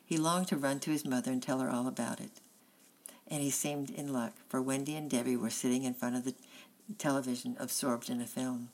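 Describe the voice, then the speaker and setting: A woman narrating a children's novel in a steady, plain reading voice. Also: a bass voice, a little fast, low-quality recording. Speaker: audiobook reader. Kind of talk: storybook narration.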